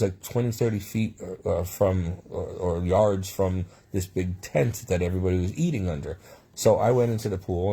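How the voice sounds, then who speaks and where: A man's voice: lowish voice, warm tone, husky. A man telling his own life stories in a rambling way, with frequent restarts and asides. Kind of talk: personal storytelling monologue.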